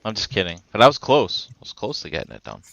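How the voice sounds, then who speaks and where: A man's voice: lowish voice, huge pitch swings, fast talker, gravelly, fairly bright tone, muffled recording. A man chatting casually on a livestream about a toy he is unsure how to handle.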